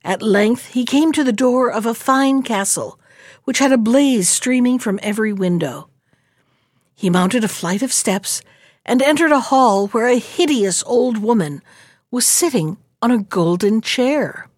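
A woman's voice: on the high side, no room sound, studio quality. Woman reading a fairy tale. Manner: measured, expressive. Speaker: storyteller.

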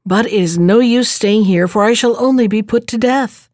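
A woman's voice: a little high, moderate pace, darkish tone, no room sound, clean studio sound, close to an everyday voice. A woman voicing a bewildered, anxious young male servant.

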